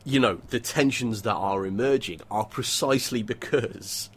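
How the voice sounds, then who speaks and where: A fairly low-pitched man talking through a novel on a podcast. He is animated and wry, moving between dry analysis and playful mock voices. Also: moderate pace, slightly rough. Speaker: podcast co-host discussing a novel. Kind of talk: casual book discussion.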